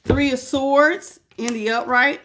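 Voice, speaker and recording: A woman's voice: sits high, steady tone, slow pace, background noise. Chatty woman tarot reader on a livestream. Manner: warm, chatty, greets viewers by name, calls them baby; prayerful invocation. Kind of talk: casual livestream chat and tarot reading.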